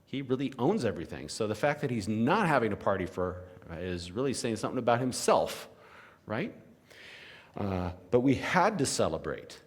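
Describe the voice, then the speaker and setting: A man's voice: fairly low pitch, very animated, moderate pace. A man leading a conversational Bible lesson at a church, often tossing in "you know" and "right?" as he explains the story. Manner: casual, frequent "you know" and "right?" asides. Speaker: church teacher. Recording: long reverb of a large hall.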